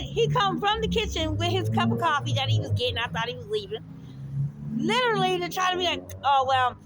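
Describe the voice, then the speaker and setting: A woman telling a heated personal story straight to her viewers, animated and full of swearing. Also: high-pitched, noisy background. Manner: animated, profane, addresses viewers directly. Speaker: storyteller recounting a confrontation.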